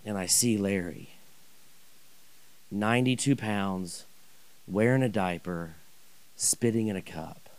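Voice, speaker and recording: A man telling a personal story in a sermon, animated and rambling, with many restarts and asides. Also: lowish voice. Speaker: pastor.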